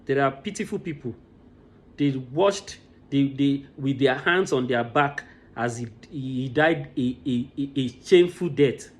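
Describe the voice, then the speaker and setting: A Nigerian man delivers impassioned, emotional commentary, frequently repeating words as he restarts his sentences. His voice is medium-pitched and he speaks a little slowly.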